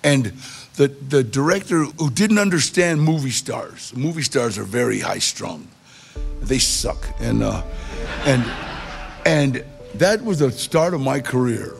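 A man in middle age telling a personal story in a casual, animated way, acting out the voices of people he quotes. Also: mid-range voice, a little slow, gravelly, faint music behind. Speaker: guest storyteller.

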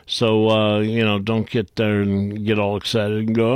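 A man hosting a call-in radio talk show, reading items aloud and mocking them in a blunt, gruff, rambling way. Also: lowish voice, completely flat delivery, unhurried, no room sound.

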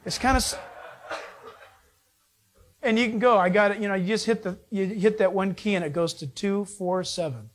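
High-voiced joking preacher man. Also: normal speed, long pauses. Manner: folksy, joking, animated storytelling. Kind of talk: sermon.

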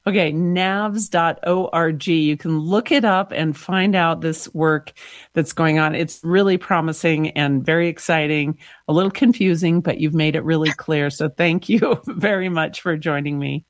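A woman's voice: deep voice, a little slow, no room sound, clean studio sound. A woman radio host interviewing a guest and signing off in a friendly, conversational way.

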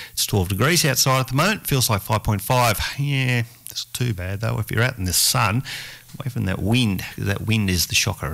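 Chatty gravelly-voiced male radio presenter. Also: fairly low pitch, a bit bright. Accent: Australian. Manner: chatty, rambling, talks to himself. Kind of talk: casual radio chat.

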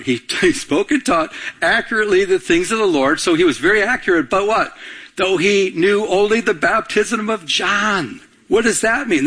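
Male pastor, husky and slightly high, preaching with call-and-response. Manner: call-and-response with the congregation, rising to excited bursts. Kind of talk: sermon.

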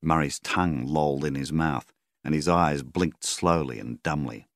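A man's voice: a bass voice, normal speed, gravelly, no echo, studio quality. A man with an Australian accent reading a story aloud as its narrator. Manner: steady storyteller, voices the characters. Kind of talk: audiobook narration.

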